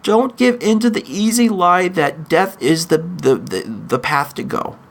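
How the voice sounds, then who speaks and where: Podcast host, man, slightly high voice, impassioned and halting, pleading monologue. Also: creaky. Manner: emotional, pleading, halting with restarts. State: in chronic pain.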